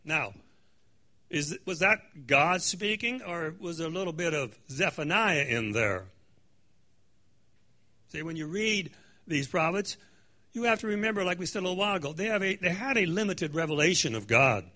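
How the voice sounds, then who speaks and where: A man's voice: on the high side, expressive, normal speed, bright, forceful tone. A man leading a conversational Bible study in a church room, reading scripture dramatically and adding joking asides.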